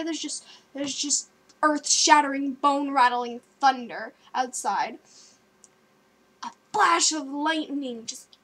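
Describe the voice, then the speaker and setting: A young woman with a high, girlish voice tells a story straight into her webcam at home. She is animated and jumpy, breaking into gasps and sudden loud outbursts. Her talk is loose and full of likes and ums. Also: measured pace. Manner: filler-heavy, with many likes and ums. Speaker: vlogger.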